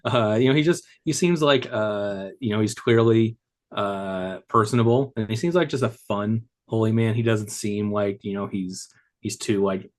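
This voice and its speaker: A man's voice: lowish voice, a little slow, a little mellow. A man co-hosting a podcast review, answering casually with many ums and uhs. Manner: hesitant, many fillers. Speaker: podcast co-host.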